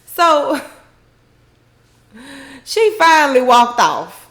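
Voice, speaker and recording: Woman, high lively voice, unhurried, laughing recap, echoey room. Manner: animated retelling with laughs and Southern slang. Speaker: recap host. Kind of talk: casual show recap.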